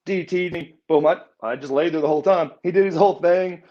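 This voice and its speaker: A former wrestler appears as a guest on a shoot-interview podcast, telling stories casually and animatedly while acting out other people's lines in changed voices. His voice is fairly high and brisk. The podcast audio is slightly dull and lo-fi.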